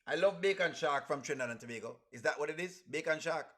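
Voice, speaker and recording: A man's voice: on the high side, quick pace. A man hosting a casual live stream, chatting with his audience and reading their comments aloud. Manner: reads viewer comments aloud, shouting out cities; chatty, addresses viewers as friends.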